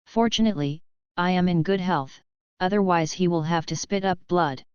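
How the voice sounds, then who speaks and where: A practical young shop owner, read by a woman narrator, speaking plainly and matter-of-factly. The voice is low, very clear and dry, with a slightly dull recording. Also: moderate pace, darkish tone, dry recording, close to an everyday voice.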